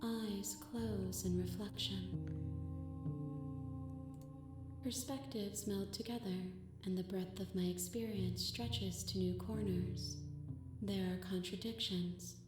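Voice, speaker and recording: A woman's voice: medium pitch, natural voice. A woman voicing a solemn cosmic goddess princess. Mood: reflective. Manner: slow, solemn, poetic. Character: shifting cosmic goddess princess, calm and introspective. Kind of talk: game dialogue. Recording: echoey game audio with loud music. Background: game music.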